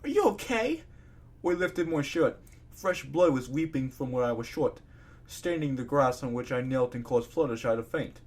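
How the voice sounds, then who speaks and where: A man reading fan fiction aloud in a casual, expressive way, breaking off into ranting asides. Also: medium pitch, normal speed. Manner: expressive, swings between narration and ranting asides.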